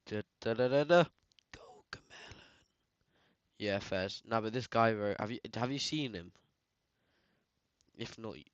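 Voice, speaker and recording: A man's voice: fairly low pitch, gravelly, a bit bright, no room sound. Rambling British guy, slangy chat. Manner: rambling, slangy, full of "like" and "bro". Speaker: photo editing streamer. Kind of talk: casual chat while editing. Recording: dull, dry lo-fi sound.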